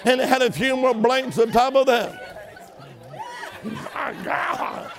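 High-voiced emphatic male preacher. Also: brisk, a faint crowd. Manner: emphatic storytelling, calls for congregation response. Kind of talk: sermon.

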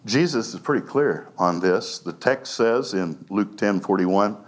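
A man preaching a sermon as pastor, animated, laughing often and acting out quoted lines. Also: fairly low pitch, unhurried, hardly any pauses.

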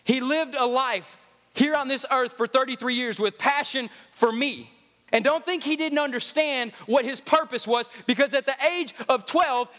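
A man's voice: extremely high pitch, fairly bright tone. A male pastor, preaching a sermon with rising fervor and sung, chanting cadences, recorded in a large reverberant hall.

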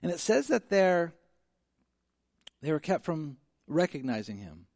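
Pastor, male, slightly high voice, casual storytelling sermon delivery, dry close sound. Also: unhurried, creaky, no echo. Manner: conversational, animated storytelling with many fillers.

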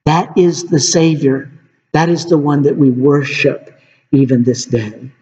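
A man's voice: fairly high pitch, unhurried, mellow, a little hiss or hum. A man preaching a sermon in an earnest way, often calling his listeners friends. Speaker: pastor. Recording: dull reverberant hall recording.

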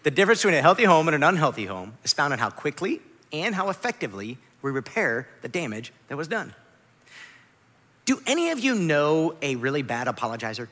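A man in his thirties preaching a sermon as a pastor, lively and emphatic, dropping to soft, quiet asides. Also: high voice, brisk, in a large hall.

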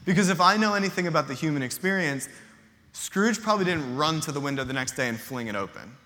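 Bright-voiced pastor in a reverberant hall. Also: male voice, a little high, animated, quick pace. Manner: casual storytelling, acts out character lines. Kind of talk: sermon. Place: church hall.

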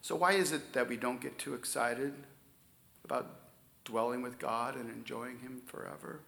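A man preaching a sermon, stressing key words loudly and then dropping to near-whispers. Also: medium pitch, steady tone, moderate pace, gravelly, roomy sound. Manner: emphatic preaching, swings from loud stresses to soft near-whispers. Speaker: pastor.

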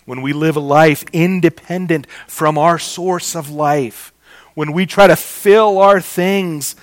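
A man preaching a sermon, slow and emphatic, repeating key phrases and calling his listeners "guys". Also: fairly high pitch, dry recording.

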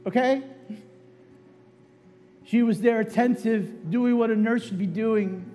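A man's voice: sits high, takes it slowly, pauses often, dark tone, soft background music. A man preaching a sermon, telling a personal story in a conversational way with frequent "right?" asides, then leading a prayer. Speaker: pastor.

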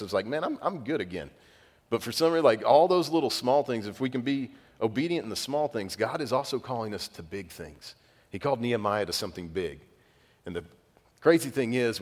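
A man preaching a sermon as pastor, telling conversational, self-deprecating stories. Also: medium pitch. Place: church sanctuary. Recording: long reverb of a church hall.

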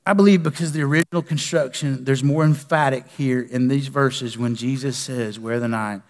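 A man preaching a sermon as pastor, moving between passionate declarations and soft, pleading prayer. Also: mid-range voice, fairly even intonation, moderate pace. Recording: long reverb of a church hall.

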